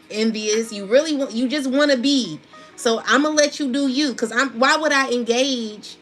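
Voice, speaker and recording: A woman giving a casual spiritual tarot reading, talking in a chatty, slangy, laughing way. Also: on the high side. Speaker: tarot reader.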